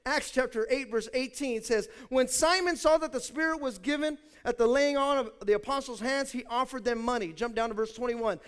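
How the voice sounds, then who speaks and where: A man preaching a sermon as pastor, emphatic and speaking straight to his congregation, moving between quiet asides and loud declarations. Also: very high voice, a little fast, hardly any pauses, clean tone.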